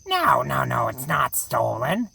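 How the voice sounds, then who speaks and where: Gregor, a man doing a gravelly gravedigger. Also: medium pitch, huge pitch swings, slow, bright, forceful tone, recorded from a distance, full character voice. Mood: evasive. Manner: curt, evasive, stubborn. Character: stubborn gruff male gravedigger horror host. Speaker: horror show host. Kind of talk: improvised comedy audio play.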